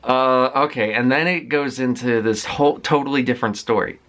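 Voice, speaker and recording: A man's voice: medium pitch, a little fast, fairly bright tone. A man casually recapping a film he watched, rambling with frequent fillers and restarts in a candid, conversational way. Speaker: movie vlogger.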